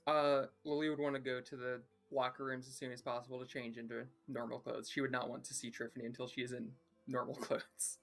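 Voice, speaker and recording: A man's voice: medium pitch, level tone, brisk, vocal fry, hardly any pauses, fairly bright tone, soft background music. Man player, casual and easygoing, explaining his character's choices. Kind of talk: tabletop game play.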